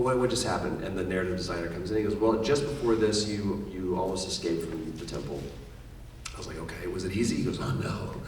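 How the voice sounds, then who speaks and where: A middle-aged man speaking as a voice actor guest on a convention panel. He tells stories with energy and acts out quoted lines. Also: low-pitched. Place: large convention hall. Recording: echoey hall, distant mic, faint noise.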